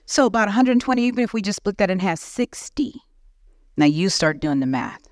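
Lively woman preacher, dry sound. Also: mid-range voice, fairly quick, dry recording. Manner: lively, conversational preaching with asides to the audience. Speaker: guest speaker. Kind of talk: teaching sermon. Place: church hall.

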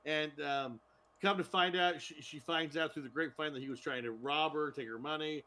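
A man's voice: fairly high pitch, fairly quick, sharp tone. A man in casual podcast chat, rambling and cursing as he retells a TV episode. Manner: rambling, profane, laughs while retelling. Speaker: podcast co-host.

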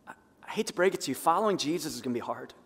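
A middle-aged pastor preaching a sermon, swinging between loud emphatic lines and hushed asides. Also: male voice, fairly high pitch, expressive, very fast, husky. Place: church sanctuary. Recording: long reverb of a church hall.

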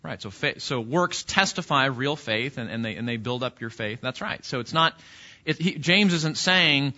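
A man's voice: medium pitch, lively intonation, moderate pace, pushed and bright, lo-fi sound. A man teaching an interactive Bible study lesson in a church classroom, putting questions to the class and often restarting his sentences. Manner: conversational, asks the class questions, frequent restarts.

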